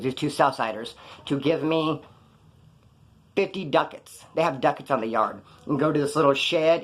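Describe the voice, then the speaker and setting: Man, former inmate, brisk streetwise storyteller with a raised voice, blunt and profane. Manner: animated, jumps in pitch for emphasis. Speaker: former prisoner telling his story. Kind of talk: casual first-person storytelling.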